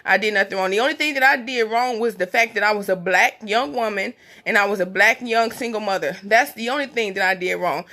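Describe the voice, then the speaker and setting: A woman's voice: on the high side, bright, forceful tone. A young woman in her twenties, speaking in on a phone livestream, blunt and emphatic, and tearful as she talks. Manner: blunt, emphatic, repetitive, speaking through tears. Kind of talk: emotional personal livestream monologue.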